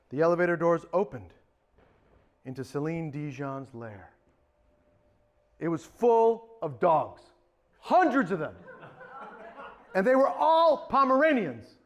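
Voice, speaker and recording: A man performing a campy comic storytelling monologue on a theatre stage. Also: high voice. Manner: campy, animated.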